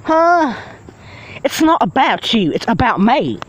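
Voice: mid-range voice, big pitch swings, slow, a little hiss or hum, poor audio. A performer voicing a foul-mouthed, furious male villain who rants and threatens in a fan-made machinima. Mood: raging. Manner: ranting, swearing, threatening.

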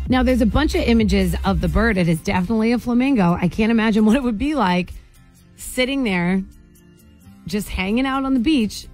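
A woman hosting a morning radio show, talking in a chatty, animated way and laughing often. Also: medium pitch.

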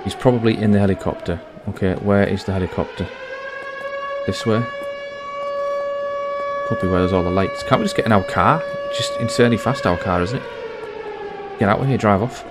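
A man's voice: fairly low pitch, fairly quick, long pauses, background noise. A man giving dry, wry running commentary on a horror game he is playing. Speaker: gaming channel host.

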